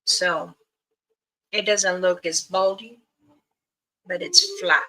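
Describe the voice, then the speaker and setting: An older woman speaks as an elder and guide on her own livestream. She takes her time, and her words drift and circle back as she tells the story. Her voice is bright and slightly strained. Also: lowish voice, slow pace, low-quality recording. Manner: meandering, with many fillers and restarts.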